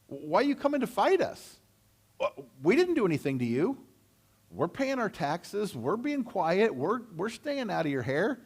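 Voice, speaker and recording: A man's voice: high-pitched, huge pitch swings, a little slow, husky, voice pushed up, exaggerated voice. A man playing anxious pleading townsmen.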